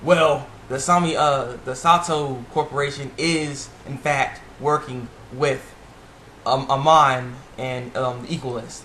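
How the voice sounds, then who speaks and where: A man's voice: medium pitch, slow pace. Rambling man recapping a show in an echoey room. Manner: rambling and excitable, full of fillers and restarts. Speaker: TV episode reviewer. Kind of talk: casual episode recap. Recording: echoey room with faint background noise.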